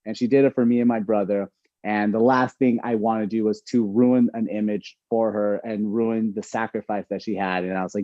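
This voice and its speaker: A man, an incoming resident physician, telling stories in a casual, animated way with lots of fillers. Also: medium pitch, fairly quick, no room sound, highs cut off. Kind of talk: casual storytelling talk.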